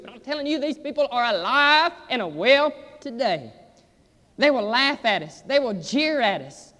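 Emphatic high-voiced male preacher in a reverberant hall. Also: very animated, moderate pace, pushed and bright. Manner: emphatic, repeats "I'm telling you". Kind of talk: sermon.

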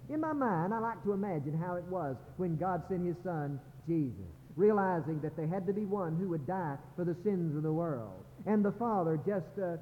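A man preaching a sermon as a pastor, building to impassioned crescendos. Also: sits high. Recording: muffled sermon recording in a reverberant sanctuary.

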